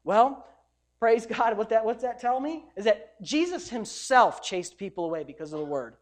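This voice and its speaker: A pastor delivering a sermon in a conversational, emphatic style. His voice swings from loud insistence to quiet asides, talking straight to the people in front of him. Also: high-pitched, lively intonation, normal speed.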